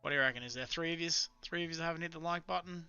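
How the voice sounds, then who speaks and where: Gravelly, sharp-toned man streaming. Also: a little high, racing, highs cut off, faint music behind. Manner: chatty, muttering to himself over charts. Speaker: live-streaming futures trader. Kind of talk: casual live-stream commentary.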